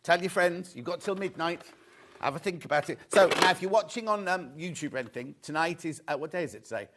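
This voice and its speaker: A man's voice: on the high side, animated, fast talker, background noise. A middle-aged man from England hosting a live sewing shopping show, chatting upbeat sales patter and reading out viewer messages.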